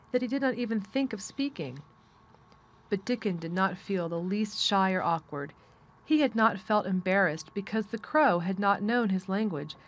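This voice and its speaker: A woman reading a classic novel aloud as an audiobook narrator, with steady, measured storytelling. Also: mid-range voice. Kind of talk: scripted narration.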